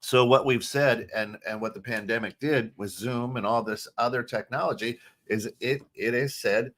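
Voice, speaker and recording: A middle-aged American man co-hosting a podcast, talking in an animated, casual way, restarting phrases and often asking "right?". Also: medium pitch, normal speed, hardly any pauses. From United States. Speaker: podcast co-host. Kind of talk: casual chat.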